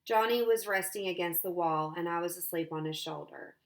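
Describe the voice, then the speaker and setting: A woman teacher reading a novel aloud in a steady, plain way. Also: lowish voice, fairly quick.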